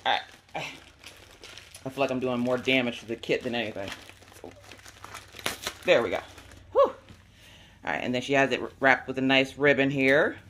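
A woman hosting a casual unboxing video, chatty and enthusiastic, her voice squeaky today. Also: moderate pace, pauses often, a bit bright, slight background noise. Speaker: crafting video host.

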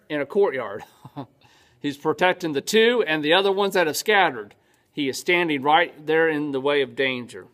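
A man's voice: high voice, a bit bright. A male pastor teaching a sermon in a church, conversational, often asking his congregation questions and answering them himself.

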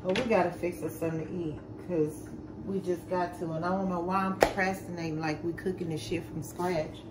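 A sleepy, worn-out woman chats casually to her vlog camera from her home kitchen, calling viewers "y'all" and swearing offhandedly. Her voice sits fairly low with fairly even intonation and a fairly quick pace. The room is echoey, with background noise.

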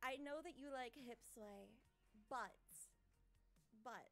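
A woman's voice: on the high side, slow pace, a bit bright, soft background music. A woman streamer talking to her chat, giggly, flirty and teasing.

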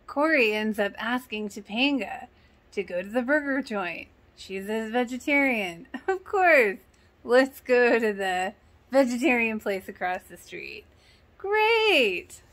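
A woman's voice: on the high side, a little slow, fairly bright tone. Giggly woman recapping a sitcom. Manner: chatty, giggly, re-enacts characters' lines. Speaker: reaction channel host. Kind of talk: casual episode recap commentary.

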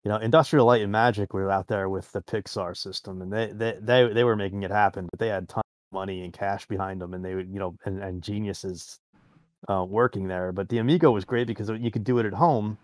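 A man's voice: lowish voice, fairly even intonation, fairly quick, no room sound. A man co-hosting a casual video-call podcast, rambling and trailing off as he recalls things. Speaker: podcast co-host. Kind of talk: casual chat.

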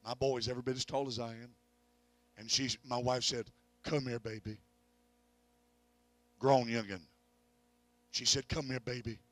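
Middle-aged preacher telling a revival story. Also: male voice, mid-range voice, no echo. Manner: preaching storyteller, swells loud on peaks of faith. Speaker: evangelist. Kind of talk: revival sermon. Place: church.

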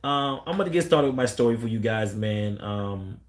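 A man, a dog breeder answering questions on a casual live stream, blunt and animated, quoting callers in a raised voice. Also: lowish voice, moderate pace, slight background noise.

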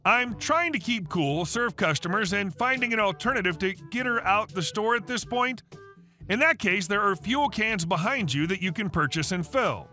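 A male narrator reads a scripted story in a high, bright voice that swings widely in pitch. The delivery is steady and machine-like, and faint music plays underneath. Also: normal speed.

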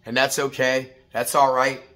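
A middle-aged man giving a blunt, profane morning motivational talk, preachy and repetitive, building to shouted pep-talk bursts. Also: mid-range voice, flat delivery, normal speed. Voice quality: profane, blunt, street-casual. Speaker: motivational vlogger.

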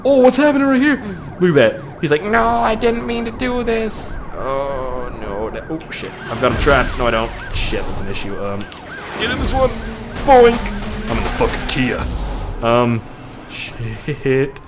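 A young man giving excitable, heavily profane, jokey running commentary while playing a driving game. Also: medium pitch, unhurried. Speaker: gaming video host. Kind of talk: let's-play commentary. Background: game music and car sounds.

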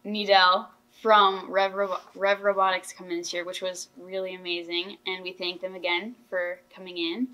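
A teenage girl hosts a casual school podcast with a bright, forceful tone. She sounds earnest and enthusiastic and often restarts her sentences. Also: fairly low pitch, level tone, moderate pace, hardly any pauses, rough recording. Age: teens. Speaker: podcast host. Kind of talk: casual chat.

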